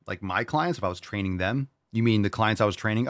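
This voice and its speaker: Low-voiced guy ranting blunt and sweary, answering listener questions, dry close mic. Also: fast talker, a bit bright, dry recording. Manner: profane, emphatic, mocks people in whiny voices. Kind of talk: blunt motivational rant.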